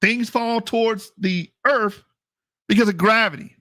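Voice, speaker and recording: A man's voice: sits high, fairly even intonation, unhurried, pushed and bright, no echo, clean studio sound. A man hosting a channel, giving blunt, mocking and profane commentary as he reacts to results on screen. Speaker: channel host.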